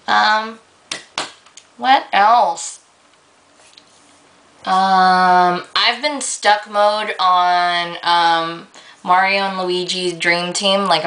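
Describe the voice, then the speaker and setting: Young woman ranting into her camera, bright clear voice, lots of um and like, gets all worked up. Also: fairly low pitch, rough recording. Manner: rambling, filler-heavy, excitable storytelling. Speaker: vlogger. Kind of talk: casual rant to camera.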